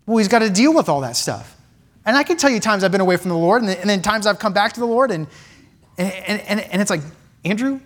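A man preaching a sermon in a church, impassioned, with repeated phrases and many restarts. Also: high-pitched. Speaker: pastor.

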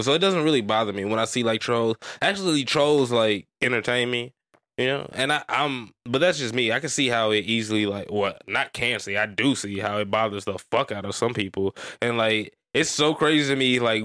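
A man's voice: medium pitch, fairly bright tone, dry recording, clean studio sound. A man co-hosting a podcast, telling stories in a rambling, profane, casual way full of "like" fillers. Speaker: podcast co-host. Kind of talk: casual chat.

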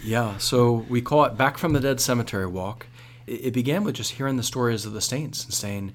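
A man, a priest, telling stories as a guest on a radio talk show, animated and full of restarts. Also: mid-range voice, a little fast. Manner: animated storytelling with many restarts. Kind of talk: radio interview.

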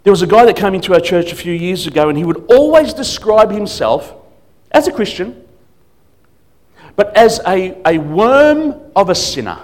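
A man preaching as a guest speaker at a church service, emphatic, swinging between loud declarations and quiet asides. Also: high-pitched, very animated, normal speed. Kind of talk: sermon.

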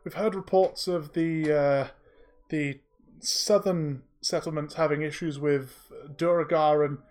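A man's voice: a little high, fairly even intonation, unhurried, a little mellow, close to an everyday voice. A man voicing a courteous, diplomatic male sheriff in a tabletop role-play, speaking politely with many hesitations.

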